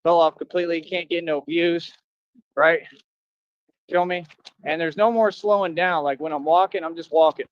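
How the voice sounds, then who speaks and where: A man's voice: a little high, fairly even intonation, normal speed, clean tone, highs cut off. A man livestreaming, talking to his viewers in a boastful, confrontational rambling monologue with slangy street talk.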